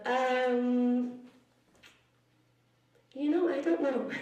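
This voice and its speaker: A woman with a French accent talking slowly and easily in a casual clip, laughing now and then. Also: on the high side. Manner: slow, relaxed, with laughter. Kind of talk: casual interview answer in a played clip. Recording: clip played in an echoey room, from afar.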